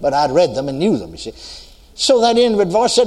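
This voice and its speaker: A man's voice: high voice, very animated, brisk, darkish tone. An older man from the United States preaching a sermon, telling a story and asking the congregation if they are listening. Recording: long hall reverb.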